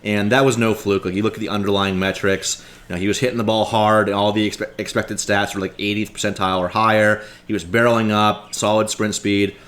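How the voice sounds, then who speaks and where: A man's voice: fairly low pitch, level tone, fairly quick, hardly any pauses, fairly bright tone. A man appearing as a guest analyst, talking casually and reeling off numbers with many fillers. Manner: rattles off stats, many "like" and "you know" fillers. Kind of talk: casual sports chat.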